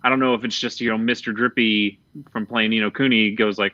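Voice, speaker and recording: A man with a lowish, bright, forceful voice chats casually as a podcast host. He talks candidly, swears freely and often trails off mid-thought. The sound is dry and a little dull, like lo-fi podcast audio. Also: little pitch movement, brisk, no echo. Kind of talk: casual chat about video games.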